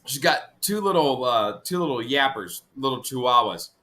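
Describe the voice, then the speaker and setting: A man guest on a fishing stream, telling stories in an animated, swearing way. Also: mid-range voice, moderate pace. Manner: animated, swearing anecdote teller. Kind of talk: casual storytelling chat.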